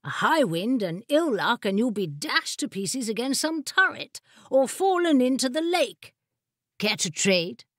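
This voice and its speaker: A woman voicing a genial, brisk male court wizard in an audiobook, with an airy, offhand manner. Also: on the high side, very animated, fairly bright tone, dry recording, studio quality, voice pushed up, heavily acted. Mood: breezy. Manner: breezy and offhand. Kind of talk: audiobook character voice.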